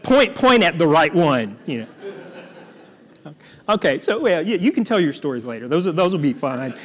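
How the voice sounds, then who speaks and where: Halting, storytelling preacher man. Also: fairly high pitch, big pitch swings. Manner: halting, repeats words, jokes with the congregation. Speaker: guest preacher. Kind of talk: storytelling sermon.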